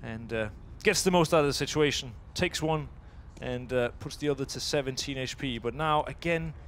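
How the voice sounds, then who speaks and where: A man's voice: medium pitch, normal speed, a bit bright, slight background noise. Chatty man commenting a live esports match. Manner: chatty, laughs easily, thinks aloud mid-sentence.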